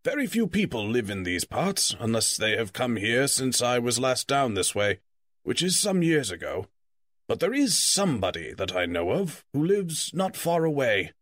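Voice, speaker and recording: A man reading the part of Gandalf, a stern and testy old male wizard, in measured, lecturing tones. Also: medium pitch, big pitch swings, a bit bright, no room sound, clean studio sound. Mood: grave. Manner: measured, lecturing, quick to scold. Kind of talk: audiobook character reading.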